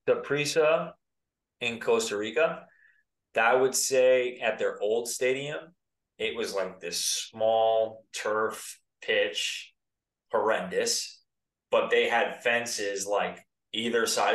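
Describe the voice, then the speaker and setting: A man's voice: lowish voice, slow pace, fairly bright tone. A man in his thirties from the United States, a former pro soccer player, chatting casually as a guest in a laid-back, rambling way. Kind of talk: casual interview chat. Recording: roomy, distant mic.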